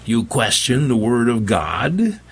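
A man voicing a slow, menacing vampire preacher. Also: mid-range voice, big pitch swings, fairly bright tone, slightly rough, voice pushed up, full character voice. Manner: slow, theatrical, fiery. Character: menacing male vampire cult preacher, booming.

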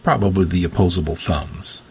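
A man's voice: low voice, moderate pace, slight background noise. A man narrating a first-person audiobook story in a dry, wry way.

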